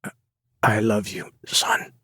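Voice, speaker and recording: A man voicing a dying older father who speaks in a weak, raspy whisper, short of breath. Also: takes it slowly, sharp tone, no echo, clean studio sound. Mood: weak, tender.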